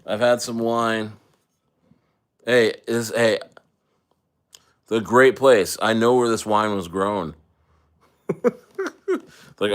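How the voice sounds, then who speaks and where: A man's voice: on the low side, steady tone, extremely slow, long pauses, clean tone. A man chatting casually on a livestream, loose and rambling with jokes and restarts, a little tipsy from wine. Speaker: crypto livestreamer.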